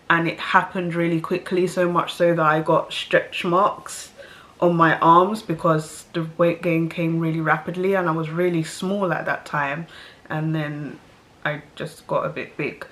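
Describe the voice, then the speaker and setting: A woman's voice: fairly low pitch, fairly bright tone. Chatty woman with stuffy nose. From South London. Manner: chatty, rambling with fillers and self-aware asides. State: stuffy nose from hay fever. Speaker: vlogger. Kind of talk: casual storytelling to camera.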